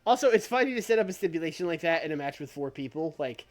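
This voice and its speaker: A man casually commentating on a wrestling booking game he streams, in an animated, jokey, rambling way. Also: a little high, fast. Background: faint background music.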